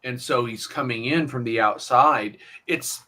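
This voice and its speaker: Man, podcast co-host, bright forceful tone, measured and analytical. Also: mid-range voice. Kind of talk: casual podcast discussion.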